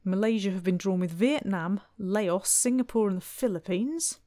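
A woman's voice: medium pitch, normal speed, mellow, dry recording. A woman commentating on her own gameplay in a wry, chatty way, full of exasperated asides. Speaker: let's play host.

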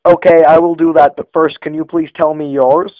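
A man on a prank phone call, posing as a slow-speaking, touchy customer who stammers and halts. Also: on the high side, little pitch movement, no room sound, close to an everyday voice. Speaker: prank caller. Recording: tinny dry phone line.

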